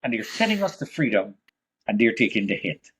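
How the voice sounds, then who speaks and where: A man with a husky, slightly raspy voice tells his own survival story as a guest. He swings from hushed, low passages to sudden loud bursts. He speaks with deep religious conviction. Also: sing-song, brisk. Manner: vivid, dramatic retelling that swings between hushed and loud. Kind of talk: emotional first-person storytelling.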